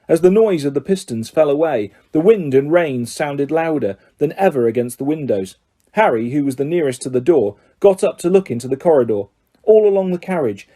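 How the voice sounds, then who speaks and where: A man reading an audiobook aloud in a steady, measured storytelling manner. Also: on the high side. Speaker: audiobook reader. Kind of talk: audiobook narration.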